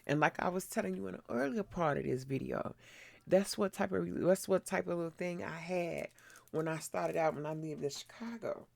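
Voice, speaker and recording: A woman's voice: on the low side, moderate pace, gravelly. A middle-aged woman hosting her own channel, telling a frank, blunt story in casual chat while doing her skincare. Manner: frank, blunt, laughs often. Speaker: vlogger host.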